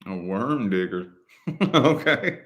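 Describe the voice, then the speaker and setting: A man's voice: lowish voice, lively intonation, takes it slowly, a bit bright. Rambling laid-back man chatting casually. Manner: rambling, loose and profane, with many "you know" fillers. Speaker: host answering viewer comments. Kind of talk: casual livestream chat.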